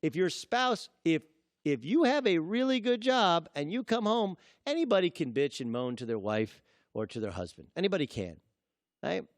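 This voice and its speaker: A man's voice: fairly high pitch, sing-song, moderate pace, no room sound, studio quality. A man hosting a sports talk show, delivering an emphatic opinion monologue and acting out quotes in different voices.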